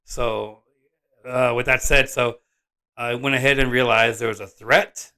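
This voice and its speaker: A man, a father and vlog host, telling a personal story in an animated, rambling way, often restarting and correcting himself. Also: mid-range voice, unhurried, clean tone. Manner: excitable, rambling, frequent restarts and self-corrections.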